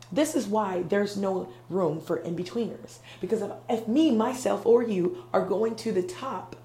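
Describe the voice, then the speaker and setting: A woman hosting a podcast, giving an earnest motivational monologue in a conversational way, often checking in with "okay?" and "right?" and sometimes dropping to a soft whisper. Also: mid-range voice, vocal fry. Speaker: podcast host. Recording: roomy with faint background hum.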